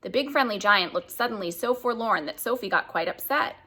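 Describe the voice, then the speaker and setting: Bright, lively woman reading a storybook. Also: mid-range voice, brisk. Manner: lively storytelling, shows the pictures. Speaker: reader. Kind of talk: reading a children's book aloud.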